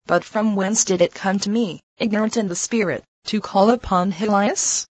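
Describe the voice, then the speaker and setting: A woman reading a religious text aloud in a measured, solemn narration. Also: medium pitch, a little mellow, no echo, rough recording. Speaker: reader.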